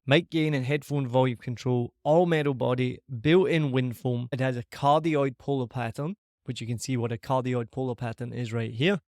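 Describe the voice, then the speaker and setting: In a large, empty living room with shiny surfaces, a Scottish man speaks into a boom-mounted dynamic mic while reviewing it for his podcast. His medium-pitched voice comes through clean and studio-like, with no room sound. He's upbeat, chatty and self-deprecating.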